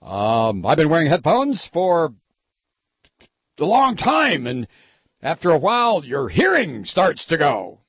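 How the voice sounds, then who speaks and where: A man's voice: a little high, wildly swooping pitch, slow pace, breathy edge, dry recording, full character voice. A man doing a mocking impression of a rambling, paranoid, self-pitying male radio pundit. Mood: whiny. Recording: dull lo-fi sound.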